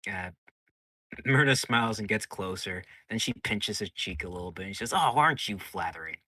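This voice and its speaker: A man narrating as game master of a tabletop game in a halting, filler-heavy way. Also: lowish voice, bright, forceful tone, no room sound.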